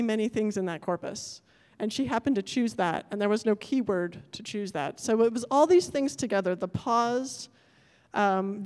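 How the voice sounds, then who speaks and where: Speaking from the stage at an academic conference, a woman with a smooth, darkish, mid-range voice echoes through a large lecture hall with long reverb. She is thoughtful and searching, restarting and reworking her sentences, correcting herself, and apologizing for technical glitches.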